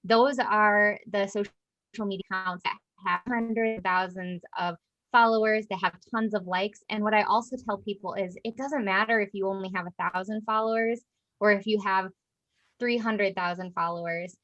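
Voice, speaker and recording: A woman guest explaining her work in an interview, in a steady, patient way with frequent fillers. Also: mid-range voice, normal speed, dull audio. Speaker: guest, personal brand specialist.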